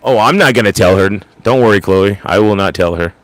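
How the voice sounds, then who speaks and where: Low-voiced joking livestream host. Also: male voice, brisk, dry recording. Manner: self-deprecating, jokey, rambling. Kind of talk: casual chat with live viewers.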